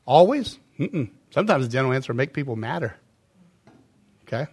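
Middle-aged male pastor mid-sermon, lively delivery with sudden loud and soft swings. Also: mid-range voice, fairly quick, husky. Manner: animated, swinging between loud emphasis and quiet asides.

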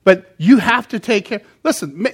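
A man's voice: sits high, animated, normal speed, slightly rough. A man preaching a sermon to a church congregation, in a conversational style that keeps checking in with "okay?" and acts out quotes. He sometimes moves off the microphone. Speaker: pastor.

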